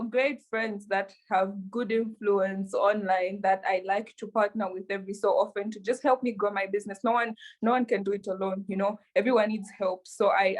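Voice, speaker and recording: A woman being interviewed about running her businesses, answering in an earnest, measured way with frequent fillers. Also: mid-range voice. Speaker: interview guest, entrepreneur.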